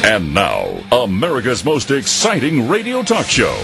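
A man announcing a radio show's opening in a slow, dramatic intro voice. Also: mid-range voice, wildly swooping pitch, vocal fry. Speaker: show announcer. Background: guitar music.

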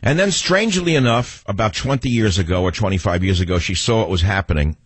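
Husky, low New York radio ranter. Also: male voice, animated, fast, few pauses, dry recording. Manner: combative, sarcastic ranting. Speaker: talk radio host. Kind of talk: talk radio monologue.

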